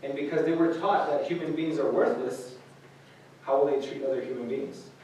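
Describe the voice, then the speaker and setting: A man's voice: a little high, normal speed, a little mellow, slight background noise. A man giving an informal sermon to a group, talking casually with many fillers and restarts. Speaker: youth speaker. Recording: echoey room recorded from a distance.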